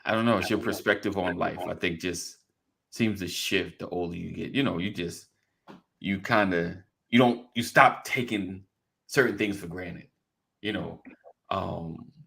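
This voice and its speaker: A man's voice: low voice, a little slow, vocal fry, fairly bright tone. A man co-hosting a casual talk show who often laughs and chimes in to agree. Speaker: co-host. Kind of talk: casual chat.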